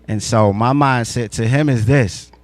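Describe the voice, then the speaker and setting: A man from North Carolina telling a story in relaxed, slangy talk, repeating phrases for emphasis. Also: medium pitch, measured pace, no echo. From Asheville, North Carolina. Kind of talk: casual storytelling.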